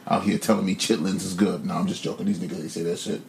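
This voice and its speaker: A man's voice: deep voice, fairly even intonation, fast, creaky, darkish tone, a little hiss or hum. Blunt, profane man in a roomy room. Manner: profane, blunt, joking rants. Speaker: podcast co-host. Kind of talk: casual chat.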